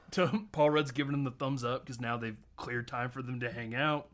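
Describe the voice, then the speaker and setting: A man co-hosting a casual film podcast, retelling scenes in an animated way with quick impressions and frequent laughs. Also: mid-range voice. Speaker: podcast co-host.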